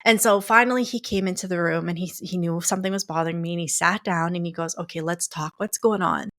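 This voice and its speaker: Speaking fast in a fairly low, fairly bright voice with fairly even intonation, a woman chats alone on her coaching podcast. She addresses her listeners as "guys" and fills her talk with "like" and "you know."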